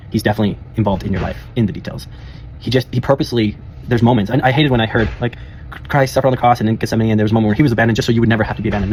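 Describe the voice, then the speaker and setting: Fast-talking earnest young man. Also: medium pitch, a little mellow, slight background noise. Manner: rambling, earnest, laughs often, frequent restarts. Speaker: life coach. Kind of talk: casual personal monologue.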